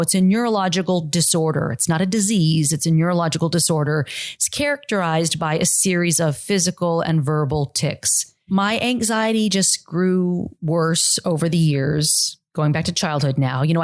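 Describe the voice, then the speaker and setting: Woman, forties, podcast host, low-pitched voice, earnest reflective storytelling, restarts mid-sentence. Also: expressive, normal speed. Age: 40s. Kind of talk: personal storytelling monologue.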